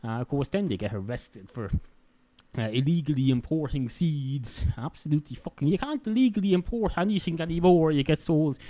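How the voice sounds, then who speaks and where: A man's voice: on the high side, lively intonation, a little fast, mellow. An Irish man hosting a podcast, ranting comically and rambling with many filler sounds into a handheld microphone. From Ireland. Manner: rambling, full of "uh" fillers and mock rants. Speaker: podcast host.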